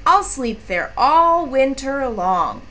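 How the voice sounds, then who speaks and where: Calm female frog from a storybook read by a woman, plain and unhurried, bright voice. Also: high voice, heavily acted.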